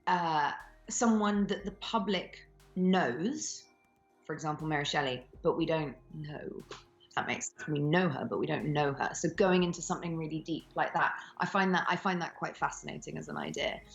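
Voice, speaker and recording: A woman's voice: deep voice, normal speed, gravelly, dull audio, soft background music. A woman in her thirties, an actress talking candidly in an interview, frank and swearing freely between ums. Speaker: actress and voice actor guest.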